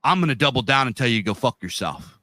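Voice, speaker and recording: Very animated and quick, this podcast co-host in his 30s or 40s speaks in a sharp, mid-range voice with no room sound. He chats casually and bluntly, swearing a lot and using plenty of slang.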